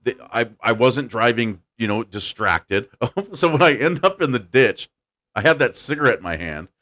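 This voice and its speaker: A man hosting a podcast, telling a story in a casual, animated way and laughing as he goes. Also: medium pitch. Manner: animated, laughing storyteller doing quick voices. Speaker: podcast host.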